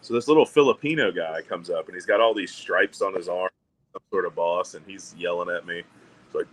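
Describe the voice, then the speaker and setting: Wry, slightly low-voiced storytelling man. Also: a little fast, rough recording. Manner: profane, wry anecdotes with acted-out quotes. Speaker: podcast co-host. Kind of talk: casual storytelling chat.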